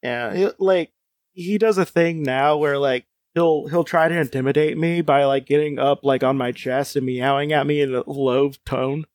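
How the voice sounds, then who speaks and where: A man's voice: on the high side, steady tone, normal speed, a little mellow, no room sound. A man reading a choose-your-own-adventure book aloud, with playful asides, frequent laughs and casual chat. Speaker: reader of a gamebook.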